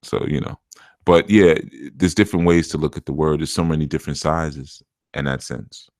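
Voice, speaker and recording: A man's voice: rumbling low, steady tone, normal speed, darkish tone, dry recording, clean studio sound. A middle-aged man, a spiritual teacher, chatting casually on a live stream, reading out viewer comments, laughing often and calling listeners "man".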